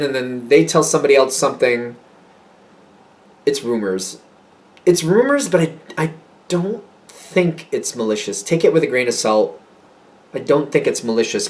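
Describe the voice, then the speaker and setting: A man giving a casual tarot reading, rambling and correcting himself, getting excited as he talks. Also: on the high side. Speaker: tarot reader.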